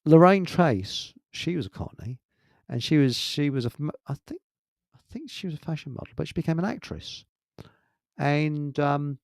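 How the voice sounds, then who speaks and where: Fairly high, animated and brisk, with a slightly mellow tone, the voice is that of an English man with a Hertfordshire accent hosting a casual chat. He rambles, laughs often and leaves sentences hanging. The recording is dry and studio quality.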